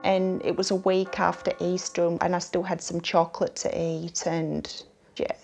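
Gravelly-voiced woman recalling exact dates. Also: lowish voice, little pitch movement, normal speed, a little mellow, slight background noise. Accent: Australian. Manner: plain, literal, recalls precise dates. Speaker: interviewee. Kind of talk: interview answers.

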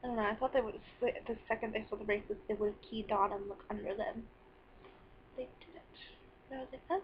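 A woman's voice: medium pitch, steady tone, fairly quick, highs cut off, slight background noise. Rambling, exasperated teenage girl venting. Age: teens. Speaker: vlogger. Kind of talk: venting personal vlog.

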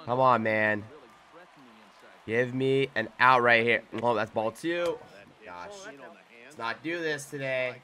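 A young man giving live gameplay commentary, muttering to himself one moment and shouting in excitement the next. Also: medium pitch, measured pace, long pauses, a faint crowd. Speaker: gaming YouTuber.

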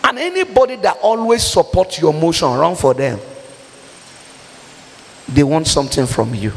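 Nigerian woman preacher, gravelly fry, urgent exhortation, long reverb from a hall. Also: low-pitched, lively intonation, moderate pace. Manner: forceful exhortation, mixing pidgin with English, bursts of shouting. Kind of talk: sermon.

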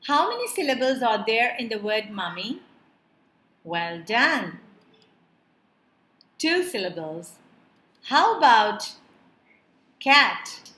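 A woman teaching a beginner lesson, speaking slowly and clearly and drawing out each word to show its parts. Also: a little high, big pitch swings, a bit bright, echoey room. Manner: slow, clear, drawn-out word-by-word pronunciation. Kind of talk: children's lesson narration.

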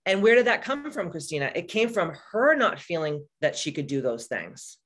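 A woman's voice: fairly low pitch, normal speed. A woman in her forties, a spiritual coach, talking casually to live-stream viewers in a blunt, profane and candid way. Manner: animated, answers viewers by name.

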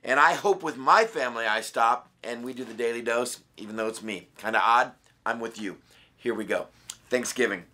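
A man with a raspy voice, a pastor giving a short daily devotional, reading scripture and talking earnestly and conversationally. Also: mid-range voice, moderate pace, pushed and bright. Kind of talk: daily devotional Bible study.

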